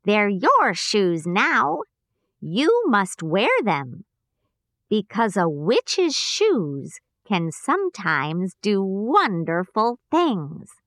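A woman voicing a kind little old female good witch, speaking gently and reassuringly. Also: medium pitch, wildly swooping pitch, drawn-out words, no room sound, clean studio sound, full character voice. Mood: kindly.

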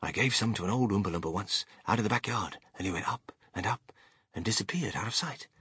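A man voicing an eccentric, excitable male candy factory owner in an audiobook, theatrical and exclamatory with swoops into high shouts. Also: fast, slightly rough, dry recording, full character voice. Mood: mock-sad. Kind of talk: audiobook character reading.

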